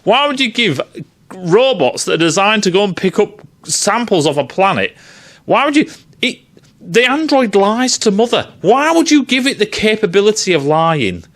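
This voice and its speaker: A man's voice: sits high, big pitch swings, normal speed, a bit bright. A man giving a profane, sarcastic film review rant, swearing freely and sounding exasperated.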